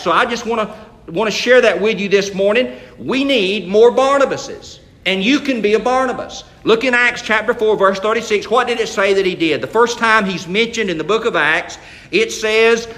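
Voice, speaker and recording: High, bright-voiced preacher in an echoey church. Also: male voice. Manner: folksy, conversational, frequent restarts. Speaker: pastor. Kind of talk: sermon. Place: church sanctuary.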